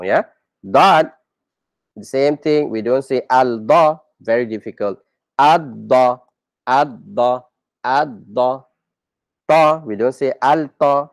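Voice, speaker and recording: This is a man at a middle pitch, teaching a reading lesson step by step. He repeats each sound patiently and checks his learners with quick questions. The recording is dry, with no room echo. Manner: patient, repeats each example several times and quizzes learners.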